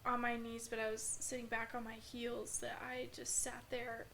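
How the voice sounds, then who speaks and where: A woman recounting a painful personal experience in an earnest, halting way, with many fillers. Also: a little high, completely flat delivery, a bit bright, a little hiss or hum. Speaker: podcast guest. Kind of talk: emotional personal storytelling.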